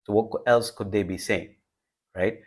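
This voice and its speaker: Young adult male host, lower pitch, casual conversational advice delivery with frequent check-in asides. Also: steady tone, moderate pace. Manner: conversational, with frequent "right?" and "you know" asides. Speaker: self-improvement video host. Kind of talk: casual direct-to-camera advice talk.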